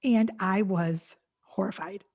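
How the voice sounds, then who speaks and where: A middle-aged woman hosting a podcast, chatting casually with a guest in a gushing, effusive way, full of quick restarts. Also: mid-range voice, crowd noise. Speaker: podcast host. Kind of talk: casual interview chat.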